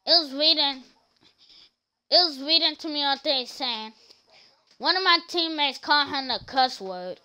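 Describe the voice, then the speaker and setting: A woman's voice: sits high, unhurried, pauses often. A woman streaming a game, chatting casually and telling rambling stories as she plays. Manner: rambling, animated storytelling. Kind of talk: casual gameplay commentary.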